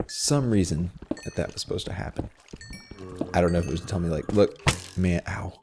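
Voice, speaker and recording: A man's voice: low-pitched, expressive, fast talker, music in the background. A man hosting a Minecraft video, telling a rambling story in casual chat while he plays, full of fillers and self-deprecating asides.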